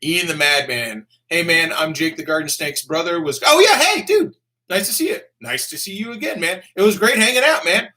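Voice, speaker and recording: A young man with a fairly high, bright, forceful voice, chatting casually on a live stream. He reads viewers' comments aloud, swears easily and keeps calling people dude and man. Now and then he bursts into excited shouts. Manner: laid-back, swears freely, calls everyone dude and man; bursts of excitement and quick laughs. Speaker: motorcycle vlogger reading live-stream donations.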